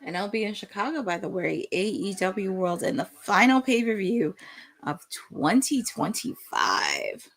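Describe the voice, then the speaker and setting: A young woman hosting a live wrestling watch-along, giving excitable play-by-play commentary that bursts into shouts at big moments. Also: mid-range voice, unhurried.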